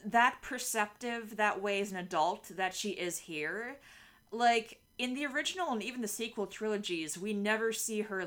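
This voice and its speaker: A woman co-hosting a podcast in casual chat. Her talk is animated and often breaks into laughter, with plenty of filler words between thoughts. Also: medium pitch. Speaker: podcast co-host.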